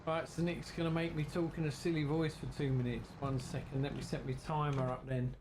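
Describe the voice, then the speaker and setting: A man's voice: on the high side, flat delivery, a little fast, background noise. A man with an English accent chatting casually to viewers while playing a farming game, his voice run through a filter. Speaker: game streamer. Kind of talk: casual gaming commentary.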